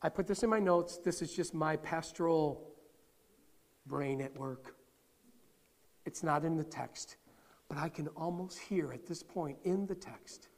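A male pastor preaching a sermon in a lively, conversational way, often questioning his listeners. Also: fairly high pitch, a little slow, in a large hall.

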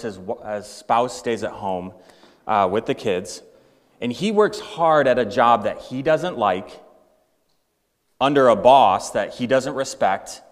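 A man's voice: medium pitch, big-room sound. A male pastor preaching a sermon in a conversational way, acting out everyday examples. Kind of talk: sermon with storytelling.

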